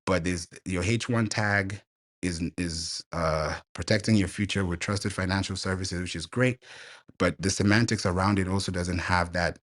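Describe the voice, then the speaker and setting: Man, deep low voice, eager guest expert, live online audio chat. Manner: energetic, fast, excitable explaining.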